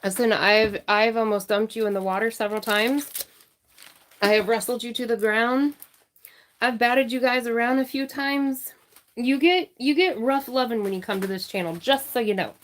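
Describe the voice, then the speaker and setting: A woman hosting a crafting livestream, chatting casually, reading viewer names and thanking them warmly. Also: on the high side, a little hiss or hum. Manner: warm, chatty, apologetic, reading out names slowly.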